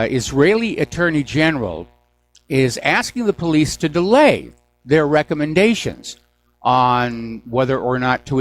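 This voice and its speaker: Sarcastic male radio talk host. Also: mid-range voice. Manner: sarcastic, mocking asides. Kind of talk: news commentary call-in show.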